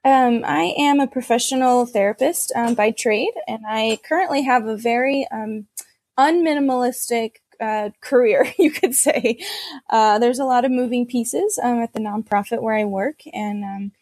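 A woman therapist speaking as an interview guest, halting, with frequent pauses. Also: a little high, a little mellow, no room sound. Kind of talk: casual interview conversation.

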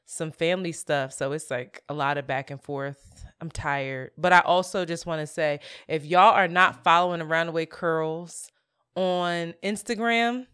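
A woman co-hosting a podcast, telling stories in a lively, animated way and laughing often. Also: low voice, unhurried, clean tone. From Philadelphia area. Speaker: podcast co-host. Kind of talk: casual chat.

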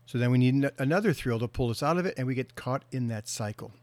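A middle-aged man, a counselor, giving an earnest motivational talk and slowing down to stress key words. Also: medium pitch, animated, darkish tone, no room sound. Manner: earnest storytelling, slows for emphasis.

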